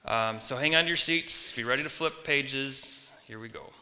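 A man preaching a sermon as a pastor, earnest and emphatic, building points through long lists and pauses. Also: medium pitch, sharp tone. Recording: long reverb of a hall.

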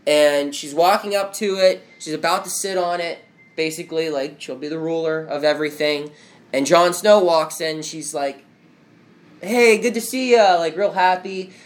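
A man's voice: on the high side, steady tone, normal speed. A young man chatting casually at home, rambling with lots of "like" as he recaps a show. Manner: rambling, heavy use of "like". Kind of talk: casual chat. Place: at home with friends and family.

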